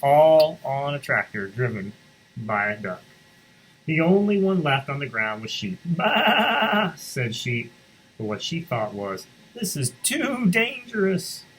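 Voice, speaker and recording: A school reader on the morning announcements, medium in pitch, reads a picture book with lively storybook expression and stops to explain things to the kids. There's slight background noise, and the recording quality is low.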